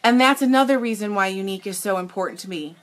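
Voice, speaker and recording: A woman's voice: medium pitch, fast. A young adult woman chatting emotionally to viewers on a live stream, earnest, often restarting her sentences. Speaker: makeup seller on a live stream. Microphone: tablet.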